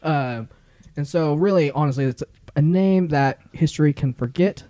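A man's voice: fairly high pitch, normal speed, warm tone, no echo, studio quality. A man co-hosting a podcast, talking in a rambling, filler-heavy way and laughing often. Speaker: podcast co-host. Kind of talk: casual chat.

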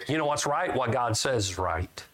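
A man preaching a sermon in a homespun, conversational way. His voice sits at an ordinary middle pitch, and it climbs as he reads scripture aloud. He keeps turning to the congregation with questions. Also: animated, normal speed, fairly bright tone. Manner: folksy, asks the congregation questions.

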